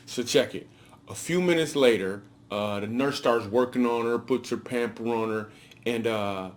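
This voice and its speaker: A man enthusiastically narrating a home video of himself and his newborn daughter. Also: medium pitch. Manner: enthusiastic, walks the listener through the clip. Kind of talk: casual narration.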